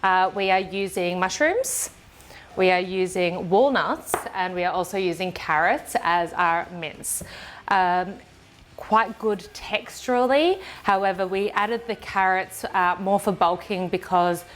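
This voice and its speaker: A woman's voice: on the low side, unhurried, fairly bright tone, a little hiss or hum. Woman, home-kitchen cooking vlog co-host, plain explainer with fillers. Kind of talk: casual cooking chat.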